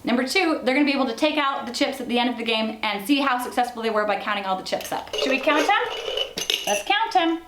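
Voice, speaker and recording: A young woman presenting a parenting lesson, explaining toddler games in a slow, patient way. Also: a little high, fairly bright tone, echoey room. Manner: slow, patient, sing-song with the child. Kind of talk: instructional demonstration with a toddler.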